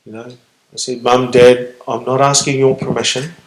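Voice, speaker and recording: A man with a New Zealand accent, telling a personal story to an audience in an earnest, halting way with pauses. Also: medium pitch, level tone. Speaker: guest speaker. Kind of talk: reflective public storytelling Q&A. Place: stage in a hall. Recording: roomy hall sound.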